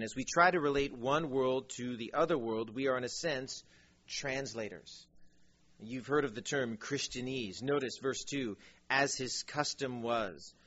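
A man with a mid-range voice preaches a sermon as a pastor, recorded with lo-fi sound. He tells animated stories, acting out different voices and tossing in joking asides.

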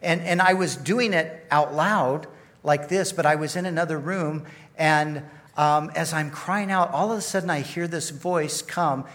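Conversational preacher man, slightly high voice. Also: measured pace, fairly bright tone. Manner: conversational, self-deprecating, repeats phrases. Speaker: pastor. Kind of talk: storytelling sermon.

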